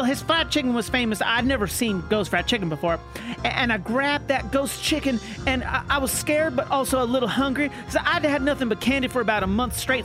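Bronco, a woman doing a rambling man. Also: sits high. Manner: drawling, rambling, full of fillers. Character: boastful rambling Southern man, storyteller. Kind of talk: improvised comedy character.

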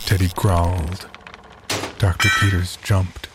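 A man giving scripted narration of a horror story in a measured, even way. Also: low voice, noisy background. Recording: narration over loud music.

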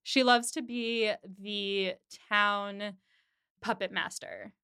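A woman's voice: mid-range voice, steady tone, slow, pushed and bright, clean tone, no echo, studio quality. A woman hosting a podcast, chattily recapping a TV episode and leaning on "like" as she talks. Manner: chatty retelling, heavy use of "like".

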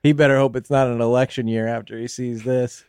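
A man's voice: medium pitch, fairly even intonation, a little fast, darkish tone, smooth. A man co-hosting a comedy podcast, loose and crude with jokes. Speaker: podcast co-host. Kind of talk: casual comedic banter.

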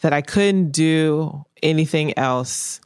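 A woman's voice: sits low, slow pace, darkish tone, smooth, dry recording, studio quality. A woman painter in a casual interview, speaking bluntly and repeating her main points for emphasis. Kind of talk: candid casual interview talk.

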